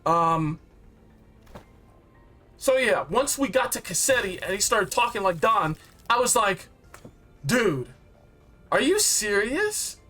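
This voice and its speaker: A man with a high, bright voice tells a game's story in a loose, excited ramble. He is slangy and full of fillers and quick asides. Soft music plays faintly underneath. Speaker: game reviewer. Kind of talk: casual storytelling recap.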